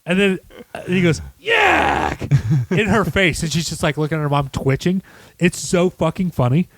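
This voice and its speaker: A man co-hosting a podcast, chatting casually about a movie, animated and swearing, acting out quotes. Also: on the high side, brisk, no room sound. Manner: animated, acts out quotes in shrieking voices, swears. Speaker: podcast co-host. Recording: dry close-miked home studio.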